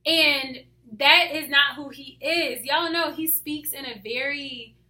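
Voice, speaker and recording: A woman talking casually about her faith, hyper and animated, often dropping to soft asides. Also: high voice, slow. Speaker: faith vlogger. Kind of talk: casual devotional talk to camera.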